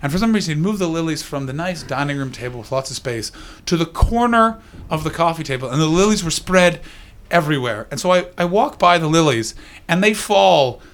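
A man's voice: a little high, expressive, a little fast, fairly bright tone. A man doing a stand-up set, rambling, swearing and riffing with the crowd. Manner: profane, rambling, riffs with the crowd. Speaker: stand-up comedian. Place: live comedy venue.

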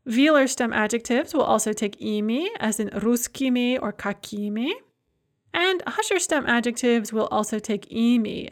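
Methodical woman teaching grammar. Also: on the high side. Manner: clear, methodical, reads out example words. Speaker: language teacher. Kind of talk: explaining grammar over slides.

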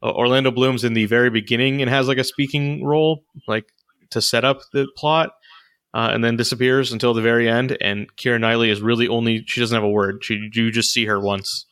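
A man's voice: medium pitch, steady tone, a little fast, a bit bright. A man co-hosting a casual movie chat, rambling with lots of fillers and restarts. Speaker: podcast co-host reviewing movies.

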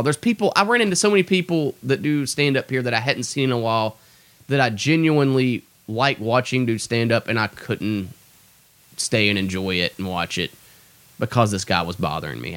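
A man's voice: medium pitch, lively intonation, a little fast, a bit bright, no room sound. A young man hosting a podcast, a stand-up comic ranting in a profane, exasperated, self-deprecating way. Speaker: stand-up comedian and podcast host. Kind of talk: ranting casual monologue.

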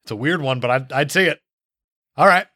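A man co-hosting a podcast, recapping a movie in sarcastic, animated casual chat with frequent laughter. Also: mid-range voice, a little fast, no echo, clean studio sound. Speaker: podcast co-host.

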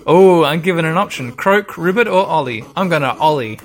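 A man's voice: fairly high pitch, expressive, a little fast, a bit bright. A man casually commenting on a video game as he plays, rambling and swearing freely. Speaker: gamer. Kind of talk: casual let's-play commentary.

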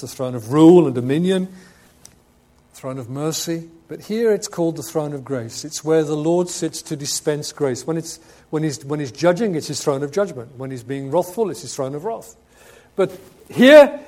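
A man preaching a sermon, stressing key words loudly, then dropping to quiet asides and asking the congregation questions. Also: on the high side. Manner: emphatic, swings between loud urgent stress and quiet asides.

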